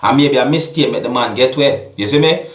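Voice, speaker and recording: A man with a Jamaican accent giving casual video commentary as a vlogger, often checking in with the listener through quick tag questions. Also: mid-range voice. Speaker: vlogger commenting on a viral clip. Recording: echoey room with faint music.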